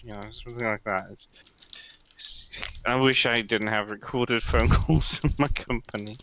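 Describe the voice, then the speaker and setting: A man in casual chat, telling rambling, animated stories about customer service. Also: fairly low pitch, unhurried, a little hiss or hum, low-quality recording.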